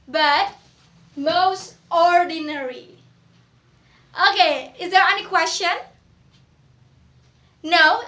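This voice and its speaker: A young woman teaching English grammar to a class, asking questions and repeating words slowly. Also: extremely high pitch, pushed and bright, roomy sound. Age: young adult.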